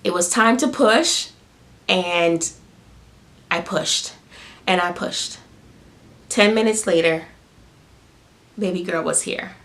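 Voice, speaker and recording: Her voice sits on the low side with a fairly bright tone; she talks slowly and pauses often. This young woman, recently a mother, shares a personal story on camera, emotional and close to crying, full of repetition and filler words.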